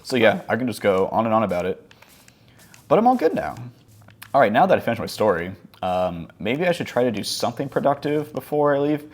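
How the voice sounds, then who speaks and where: A man's voice: mid-range voice, sing-song, a little fast. A man telling a casual story over gameplay, rambling along with many fillers like "like" and "um". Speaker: gaming channel host.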